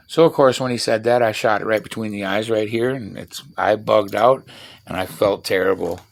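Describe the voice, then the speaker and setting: A man's voice: fairly low pitch, normal speed, vocal fry. A middle-aged man, rambling bluntly and profanely in a casual vlog while working with tools. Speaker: vlogger.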